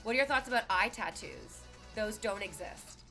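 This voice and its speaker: A woman in her thirties streaming and chatting casually as she reads viewer messages, lively and animated, bursting into laughs and exclamations. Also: medium pitch, moderate pace, faint music behind.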